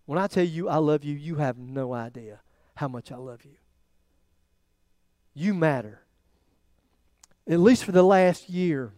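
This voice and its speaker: High-voiced animated male preacher. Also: dry recording. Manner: animated storytelling, voice rising and dropping to near quiet. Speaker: pastor. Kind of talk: sermon.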